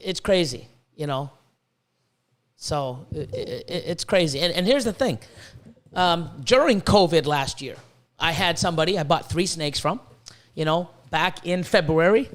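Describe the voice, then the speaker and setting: High-voiced man ranting profanely. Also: expressive, normal speed. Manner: profane, rambling, repeats words when heated. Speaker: podcast host, reptile breeder. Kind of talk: casual podcast rant.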